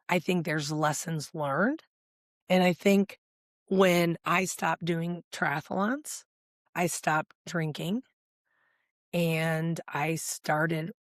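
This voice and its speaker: Middle-aged woman, podcast guest, animated storyteller acting out old dialogue, dry close sound. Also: lowish voice, no room sound. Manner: animated, acts out past dialogue, gets emotional. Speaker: guest, life coach. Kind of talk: candid conversational storytelling.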